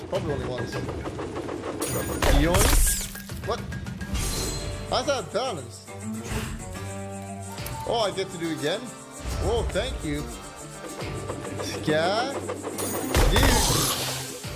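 A man riffs through his gameplay in a lively, bouncing voice, cracking jokes and swearing under his breath. Loud game music plays behind him the whole time. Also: high voice. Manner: profane, joking, talks to himself. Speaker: streamer playing a video game. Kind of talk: casual gameplay commentary.

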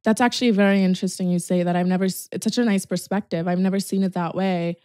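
A woman in her twenties hosting a podcast, chatting casually with a friend, swearing and making quick asides. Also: on the low side, steady tone, dark tone, no echo, clean studio sound. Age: 20s. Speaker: podcast host. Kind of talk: casual chat.

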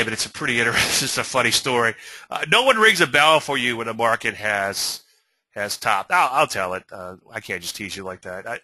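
A man with a very bright, forceful voice talks through charts like a weekly webinar host. He is animated and direct, often checking in with his audience. The sound is close and dry, with no room around it. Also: medium pitch, no room sound, poor audio. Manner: animated, talks straight to viewers with frequent "okay?". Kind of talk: webinar-style trading commentary.

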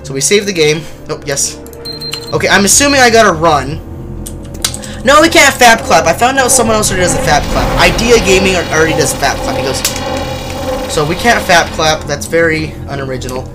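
Jumpy, lively gaming streamer. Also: medium pitch, brisk, over music. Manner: jumpy, loud yelps and nervous laughter; chatty, talks to chat viewers. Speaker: livestreamer. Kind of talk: casual horror game commentary.

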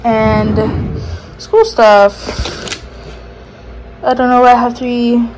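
A woman's voice: on the high side, drawn-out words. Young woman giving a noisy dorm tour. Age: young adult. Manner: listing items in a relaxed, offhand way. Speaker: vlogger. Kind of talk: casual room tour narration. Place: dorm room.

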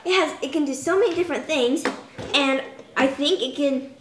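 In a very noisy, roomy recording, a high-voiced young woman at a moderate pace demonstrates a toy for a home video. She chats casually, linking ideas with lots of filler words.

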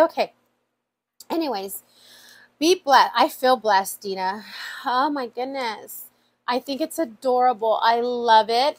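A high-pitched woman talks casually to her viewers, opening mail with lots of fillers and heartfelt asides. Her voice sits well above the usual for a woman. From USA. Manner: chatty and emotional, many fillers like "like" and "y'all". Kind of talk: casual chat.

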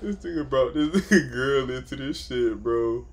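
A man's voice: medium pitch, animated, normal speed. Hyped laughing co-host guy. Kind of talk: casual chat reactions.

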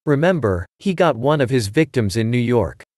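A man's voice: medium pitch, big pitch swings, moderate pace, darkish tone, no echo, clean studio sound. A man reading as a shrewd cryptic detective. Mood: musing. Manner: cryptic, thoughtful. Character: fussy Belgian male detective, shrewd and cryptic.

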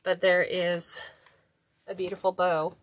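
A chatty woman with a slightly low voice walks viewers through a craft project. She talks casually and mutters to herself as she works. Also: flat delivery, slow pace. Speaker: craft tutorial host. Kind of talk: casual hands-on tutorial.

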